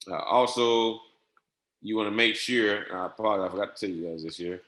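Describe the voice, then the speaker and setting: Man dictating software settings, echoey. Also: fairly low pitch, fairly quick. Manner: dictating settings step by step, repetitive and patient. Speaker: trading software instructor. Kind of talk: screen-share software walkthrough. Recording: echoey room.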